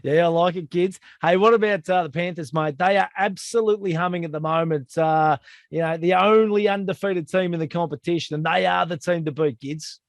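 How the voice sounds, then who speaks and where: Jokey high-voiced Australian man. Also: fairly quick, no echo, clean studio sound. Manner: matey, jokey, keeps calling listeners "kids". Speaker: podcast host. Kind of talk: casual sports chat.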